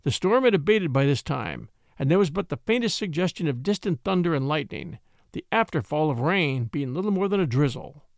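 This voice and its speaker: A man reading an old-fashioned story aloud, with an expressive storytelling delivery. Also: a little high, brisk, creaky, no room sound, clean studio sound. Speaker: narrator. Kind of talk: scripted story narration.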